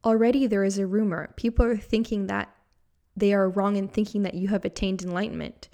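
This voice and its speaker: A woman's voice: mid-range voice, level tone, fairly quick, dark tone, lightly acted. A woman voicing a worried male friend who insistently warns a master to stop crying. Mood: admonishing.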